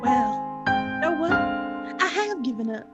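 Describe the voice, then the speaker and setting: A woman's voice: on the high side, expressive, a little slow, lo-fi sound, loud music behind the voice. A woman playing a bitter, fed-up pie shop worker who swears bluntly.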